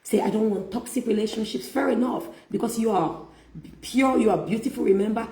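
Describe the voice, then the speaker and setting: A middle-aged woman giving a faith-based self-help talk as a motivational speaker, speaking slowly and emphatically with preacherly repetition. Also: a little high, vocal fry, dark tone. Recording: echoey room.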